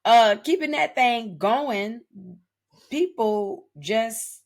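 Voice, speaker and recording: A woman's voice: on the low side, expressive, moderate pace, gravelly. A woman co-hosting a podcast in laid-back casual chat. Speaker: podcast co-host.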